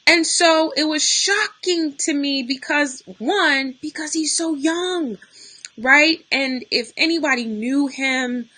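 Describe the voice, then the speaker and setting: A young woman talks to her viewers live, unscripted and close to tears. Her voice sits a little high and sounds bright and forward, and it is getting worn and hoarse. She breaks off now and then to greet the people watching. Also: slow pace, low-quality recording. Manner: tearful, talking through grief, greets viewers mid-sentence. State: losing her voice, near tears. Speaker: livestream host. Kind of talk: unscripted emotional live talk.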